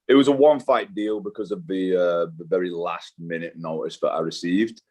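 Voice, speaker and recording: Low-set, brisk, and slightly mellow, the voice belongs to a young Brit who fights in MMA. As a guest in a casual interview, he keeps it loose and slangy, dropping swear words and plenty of "dude."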